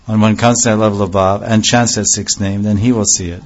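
A man's voice: fairly low pitch, fairly even intonation, brisk. Man giving a devotional lecture, lo-fi. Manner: explanatory, repeats phrases and Sanskrit terms. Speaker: spiritual teacher.

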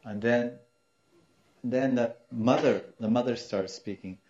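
A man giving a storytelling sermon as a spiritual teacher, animated and acting out voices in his tale, in a dull lo-fi recording. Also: medium pitch, slow. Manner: animated, acts out quoted voices, laughs now and then.

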